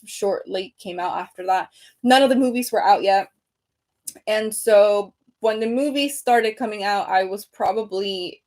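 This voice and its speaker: Chatting casually on a home livestream, a creator in her thirties reads viewer comments out loud, often saying um and starting over. She sits at a desk using her computer's webcam mic, and her mid-range voice is a little mellow.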